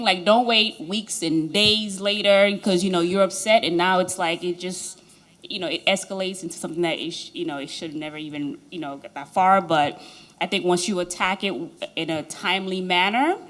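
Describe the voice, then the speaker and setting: Hesitant low-voiced woman on a panel. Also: moderate pace, a bit bright. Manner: hesitant, many "um" and restarts. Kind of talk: church panel discussion.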